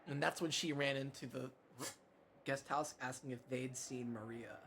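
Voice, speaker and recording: A man's voice: medium pitch, fairly even intonation, moderate pace, gravelly, fairly bright tone, a little hiss or hum. A man streaming himself reading a visual novel aloud, narrating with small slips and self-corrections. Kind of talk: dramatic reading of game text.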